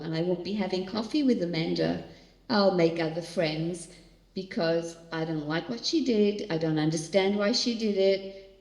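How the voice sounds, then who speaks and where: Woman seminar speaker, lowish voice, earnest and direct with the crowd, long hall reverb. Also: a little mellow. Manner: earnest, talks directly to audience members. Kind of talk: conversational church teaching. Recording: echoey hall.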